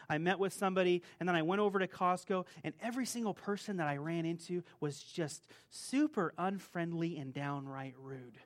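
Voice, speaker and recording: A man preaching a conversational sermon, telling a personal story and acting out the people in it. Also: sits high. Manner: conversational, animated storytelling, acts out rude clerks. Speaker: pastor.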